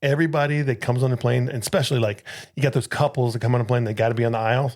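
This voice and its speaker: Male co-host, middle pitch, blunt and profane, casual banter. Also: fairly even intonation, rapid-fire, darkish tone. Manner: blunt, joking, swears freely. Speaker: podcast co-host, flight attendant. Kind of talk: casual chat.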